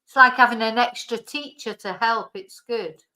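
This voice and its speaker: A woman teaching fruit vocabulary in a bilingual lesson, slowly and carefully repeating each word for pronunciation. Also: fairly high pitch, bright, forceful tone, low-quality recording. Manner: slow, careful pronunciation drills. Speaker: language teacher.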